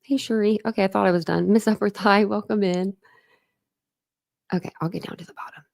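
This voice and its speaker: Gravelly-voiced woman chatting with viewers. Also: mid-range voice, steady tone, brisk, no echo, studio quality. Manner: chatty, greets viewers one by one; warm and grateful toward viewers. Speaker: livestream host. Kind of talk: casual live chat with viewers.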